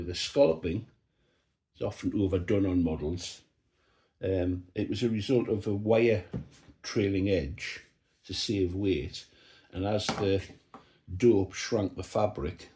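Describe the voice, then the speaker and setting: A man talking through a model build, relaxed and thinking aloud as he explains each step. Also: sits low. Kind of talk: workshop build commentary. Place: hobby workshop bench. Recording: roomy workshop echo.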